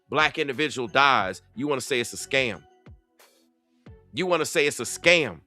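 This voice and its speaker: A man's voice: fairly high pitch, sharp tone. A man with a Southern US accent giving heated, repetitive reaction commentary as a content creator. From Southern United States. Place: Atlanta.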